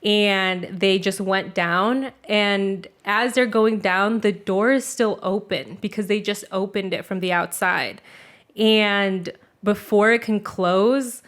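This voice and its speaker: A young woman in casual chat, telling a story at length. She leans on "like" constantly and swears without a second thought. Her voice sits in a middle pitch. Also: steady tone, slow pace, fairly bright tone.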